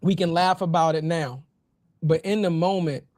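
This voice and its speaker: A man's voice: fairly high pitch, normal speed, a little mellow. A man co-hosting a podcast, joking around and making his points emphatically in casual, everyday phrasing. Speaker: podcast co-host. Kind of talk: casual interview chat.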